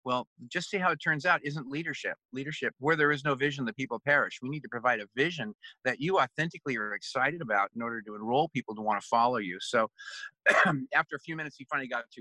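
Bright-voiced man telling a coaching story. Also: mid-range voice, fast, dry recording, rough recording. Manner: earnest, acts out both sides of a coaching session. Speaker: executive coach, guest. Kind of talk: storytelling in a podcast interview.

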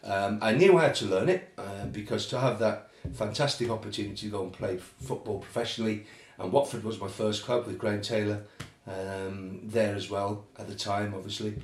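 Low-voiced North Welsh man telling stories. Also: moderate pace, few pauses, darkish tone. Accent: North Welsh with a slight Cockney and Geordie twang. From North Wales. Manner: anecdotal, chuckling, acts out quoted voices. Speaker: guest, former footballer. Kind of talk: relaxed storytelling. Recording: roomy echo.

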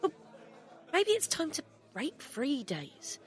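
A woman's voice: sits high, wildly swooping pitch, takes it slowly, faint music behind, some chatter behind, exaggerated voice. An actress playing Pen, a laid-back, teasing young woman in a comedy drama. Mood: earnest. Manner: dry, teasing, unbothered. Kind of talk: scripted comedy drama acting.

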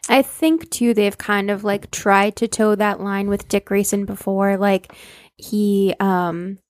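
A woman's voice: mid-range voice, steady tone, slow, a little mellow, no echo, studio quality. A woman guest on a casual podcast, speaking thoughtfully with many ums and likes.

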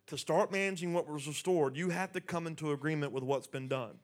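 Preacher man, fairly high voice. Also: a little fast, hardly any pauses. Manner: conversational preaching, drops to soft intimate tones then builds. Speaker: pastor. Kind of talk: sermon.

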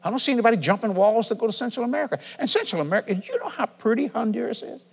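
A middle-aged male preacher with a fairly high voice delivers a folksy sermon in a church. He swings from easy conversational asides to loud, shouted declarations. His voice rings through a large hall with a long reverb tail. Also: sing-song, rapid-fire, creaky, husky.

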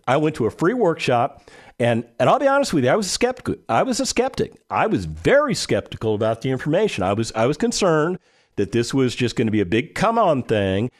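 A man hosting a radio talk show, speaking bluntly and conversationally and putting questions straight to his listeners. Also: medium pitch. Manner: blunt and emphatic.

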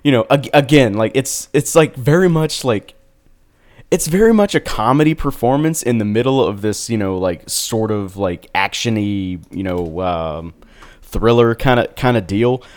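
A man's voice: mid-range voice, animated, moderate pace. A man chatting casually about movies as a podcast co-host, rambling with lots of fillers. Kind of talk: casual film chat.

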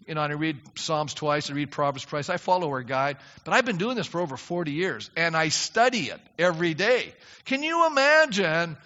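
A man's voice: fairly high pitch, animated, fairly quick, hardly any pauses, bright, forceful tone. An older man preaching a sermon as pastor, earnest and emphatic, often rising into fervent prayer. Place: church sanctuary. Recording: dull lo-fi sound in a reverberant hall.

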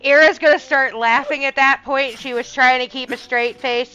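A woman's voice: sits high, fairly even intonation, pushed and bright, smooth. Hesitant woman on a dull mic. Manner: hesitant, measured, trailing off. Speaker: tabletop game player. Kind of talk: casual in-character banter.

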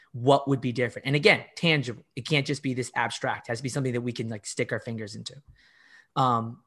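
A man, a life coach, talking through ideas in a casual podcast conversation with enthusiastic, animated storytelling. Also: medium pitch. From Argentinian and Italian heritage.

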